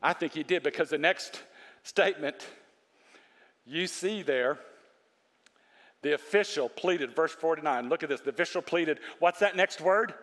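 A man preaching a sermon, animated, quoting scripture and asking his congregation questions. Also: fairly high pitch, measured pace, pauses often, long reverb tail. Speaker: pastor.

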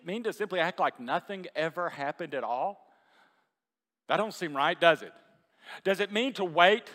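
A man with a slightly high, somewhat bright voice preaches to a congregation, the church hall lending a big-room sound. As pastor, he keeps his sermon chatty and conversational, full of questions to those present.

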